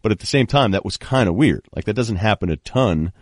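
Male podcast host, animated storyteller, low voice with lots of pitch swing, dry close studio sound. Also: a little fast, slightly rough, no room sound. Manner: animated storyteller, acts out quoted people. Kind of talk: casual sports podcast chat.

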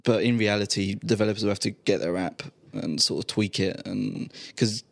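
A man joining a tech podcast as guest, talking in a measured, slightly halting way. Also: lowish voice, creaky, dry recording. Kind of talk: casual chat.

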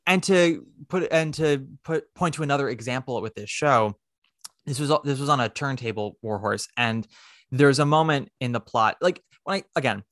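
A man's voice: mid-range voice, expressive, moderate pace, fairly bright tone, dry recording, clean studio sound. A man co-hosting a casual chat about theater, rambling and joking, with a habit of putting on silly voices. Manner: rambling, jokey, swears, does silly voices. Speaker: podcast co-host.

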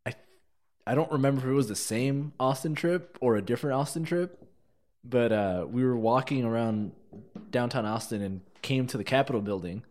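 A man in relaxed conversation who thinks out loud, pausing and reaching for the right phrase. His delivery is easygoing and full of fillers. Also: medium pitch. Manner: laid-back, hesitant, searches for words with many fillers. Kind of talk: casual podcast chat.

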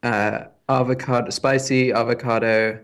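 A man's voice: mid-range voice, fairly even intonation, moderate pace. A man co-hosting a podcast, answering in a dry, matter-of-fact way during casual banter. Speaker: podcast co-host.

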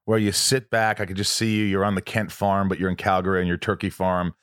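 A man's voice: sits low, fast talker, noisy background. A man hosting a casual chat, telling stories animatedly and acting out quotes, with some swearing. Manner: animated storyteller, acts out quotes, profane.

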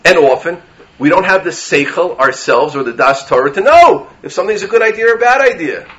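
A man teaching a Torah class with a lively voice that jumps up and down in pitch. He sits a little high for a man, reads Hebrew verses and keeps asking his listeners rhetorical questions. The recording is dull and lo-fi. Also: a little fast.

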